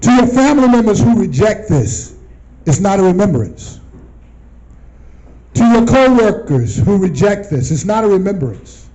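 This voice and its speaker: Slow high-voiced male Bible teacher. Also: big pitch swings, mellow, muffled recording. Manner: asks the audience questions, repeats phrases. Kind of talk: call-and-response Bible teaching.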